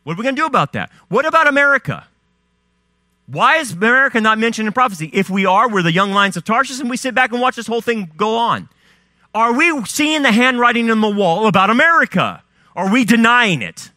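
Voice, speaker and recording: A male preacher delivers a fiery sermon in a high voice that leaps and plunges with every rhetorical question. His tone is bright and cutting, and the sound is dry and close to the mic. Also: sing-song, brisk, dry recording. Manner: fiery rhetorical questions, rising and dropping emphasis.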